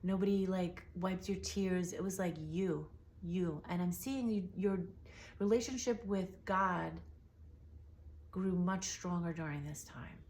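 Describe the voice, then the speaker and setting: A young woman giving an emotional, soothing intuitive reading straight to the listener, often dropping into soft whispers. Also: fairly low pitch, unhurried, a little hiss or hum. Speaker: tarot reader.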